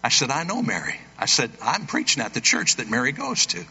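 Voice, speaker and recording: A man preaching a sermon, telling a story and acting out the voices of the people in it with big jumps in pitch. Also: sing-song, a little fast, vocal fry, pushed and bright, breathy edge. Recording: roomy hall, dull lo-fi sound.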